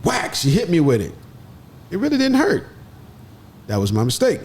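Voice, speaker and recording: A man telling a story in an animated way, with lively jumps in pitch as he acts out other people's voices. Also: normal speed. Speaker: podcast guest.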